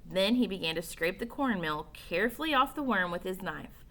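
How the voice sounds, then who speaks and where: A woman reading a children's novel aloud with animated storytelling. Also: mid-range voice, moderate pace. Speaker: narrator.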